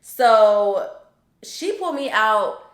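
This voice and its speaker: A young woman vlogger tells a personal story in a chatty, emphatic storytime style packed with fillers. Her voice is fairly high and expressive, she speaks extremely slowly, and the room echo is noticeable.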